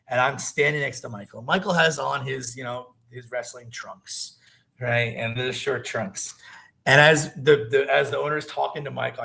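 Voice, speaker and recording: A man guesting on a wrestling talk show, telling stories in a casual, animated way and laughing often between lines. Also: medium pitch, creaky, poor audio. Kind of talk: casual storytelling chat.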